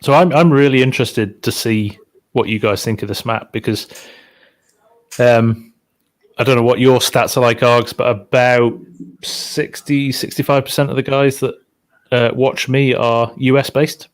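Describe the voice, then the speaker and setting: A man's voice: mid-range voice, fairly even intonation, a little slow. Chatty man speculating about a game. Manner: speculative, hedging, trails off. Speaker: co-host, farming game streamer. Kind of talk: casual chat.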